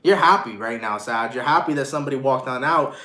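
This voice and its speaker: A man's voice: mid-range voice, quick pace, sharp tone, roomy sound. A man doing a live tarot reading, chatting casually with slang and swearing, thanking viewers and joking as he reads the cards. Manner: casual slangy banter, swears, acts out mocking voices. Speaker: tarot reader.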